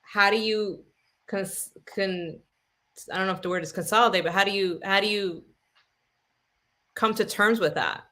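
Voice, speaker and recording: Bright-voiced woman, thoughtful guest. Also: mid-range voice, moderate pace, long pauses. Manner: thoughtful, searching for words. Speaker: podcast guest. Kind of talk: casual conversation.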